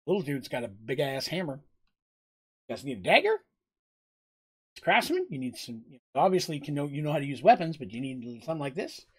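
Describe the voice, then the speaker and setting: A man's voice: fairly high pitch, sing-song, fairly quick, long pauses, a bit bright, breathy edge, exaggerated voice. A burly, friendly half-orc knife seller, put on by a man in a tabletop game, with an easy, slightly raised voice. He talks in a chatty shopkeeper's patter and pushes his wares.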